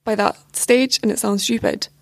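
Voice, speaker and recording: Gravelly-voiced young woman telling her story. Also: mid-range voice, sing-song, moderate pace, dry recording. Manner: casual, frequent filler words. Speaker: podcast guest. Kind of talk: personal storytelling.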